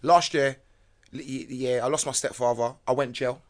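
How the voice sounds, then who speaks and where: A middle-aged man, a podcast guest telling stories in an animated, slangy way and laughing often. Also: mid-range voice, normal speed. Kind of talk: casual storytelling chat.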